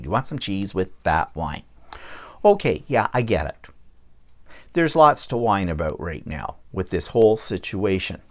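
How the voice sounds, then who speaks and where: Man, vlog host, casual rant, blunt, lively pitch. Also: a little slow. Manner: blunt, checks in with "okay?".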